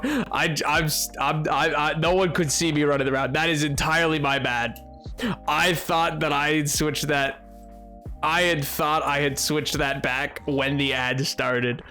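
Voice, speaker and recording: A live streamer playing a game, joking with chat in a loose, excitable way, jumping from loud outbursts to low mutters. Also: normal speed, soft background music. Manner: excitable, bantering with chat, jumping between yelling and mumbling. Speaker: livestreamer playing a video game. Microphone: desk mic.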